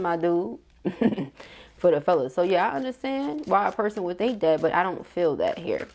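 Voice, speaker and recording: A middle-aged woman giving a casual, slangy tarot reading to camera, chatty and quick to laugh. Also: fairly low pitch, animated, creaky, darkish tone, a little hiss or hum. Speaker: tarot reader.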